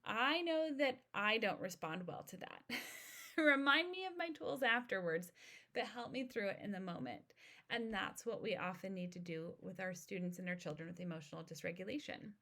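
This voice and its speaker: A woman in her thirties talks through an educational podcast episode in a calm, steady voice. Her pitch sits in the middle range, and she explains ideas in an instructive way. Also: normal speed. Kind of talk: informational podcast monologue.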